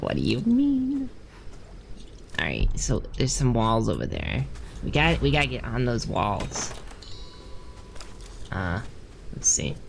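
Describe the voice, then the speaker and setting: A woman's voice: very deep voice, vocal fry, slight background noise. A woman streamer chatting casually while playing a game, thinking aloud and answering her chat. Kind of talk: casual gameplay commentary.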